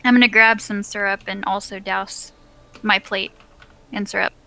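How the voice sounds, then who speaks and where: A woman player in a tabletop game, stating her moves calmly and briefly. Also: mid-range voice, moderate pace, creaky, smooth, rough recording.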